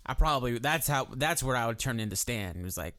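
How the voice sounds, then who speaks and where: Fast and expressive, this medium-pitched co-host of a casual music podcast has a bright, forceful tone. Speaking into a desk mic, he stays laid-back, cursing freely amid loose talk full of fillers.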